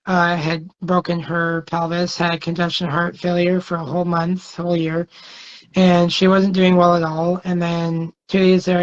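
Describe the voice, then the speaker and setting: A man, a guest singer, telling long stories in a casual interview, rambling and hesitant with many fillers. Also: sits high. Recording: dull lo-fi sound.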